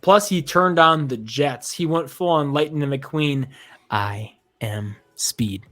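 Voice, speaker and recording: A man's voice: fairly high pitch, measured pace, bright, forceful tone. Laid-back young man hosting sports chat. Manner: loose, laughing, many fillers. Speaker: podcast host.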